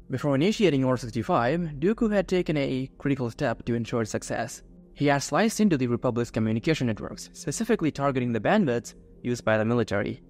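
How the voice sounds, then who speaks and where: A man's voice: mid-range voice, darkish tone. A man narrating a science-fiction fan-fiction story in a scripted, dramatic storytelling manner. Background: faint music.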